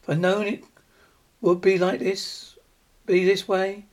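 A self-pitying writer grumbling about his lot, read by a man in a storybook reading. The male voice sits fairly high, and the delivery halts now and then on stumbles and restarts. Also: level tone, takes it slowly, a little mellow. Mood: frustrated.

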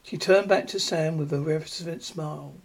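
A man reading a short story aloud, halting, with frequent stumbles and restarts. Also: on the high side, fairly even intonation, vocal fry. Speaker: reader.

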